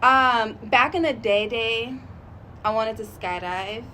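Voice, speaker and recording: A woman with a slightly high voice rambles through a casual vlog, thinking out loud and calling herself a sensitive, emotional person. Her talk is loose and friendly, and a faint room ambience sits behind her. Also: slow pace, a little hiss or hum. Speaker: vlogger.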